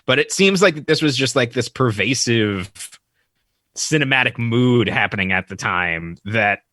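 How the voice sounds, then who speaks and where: A man co-hosting a podcast, thinking out loud in a casual, musing way about a film. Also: medium pitch, lively intonation, measured pace, no echo. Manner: musing and thinking aloud, with restarts. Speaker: podcast co-host. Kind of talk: casual movie discussion.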